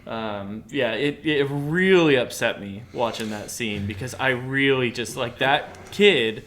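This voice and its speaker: Podcast co-host, man, mid-pitched, earnest casual movie talk, faint room ambience. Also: a little slow, a bit bright, slight background noise. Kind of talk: casual movie review chat.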